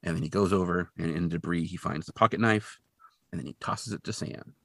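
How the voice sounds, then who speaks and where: A man co-hosting a podcast, recapping a TV episode in casual chat with animated storytelling and dry asides. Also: low-pitched, a little fast, vocal fry, no echo. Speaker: podcast co-host.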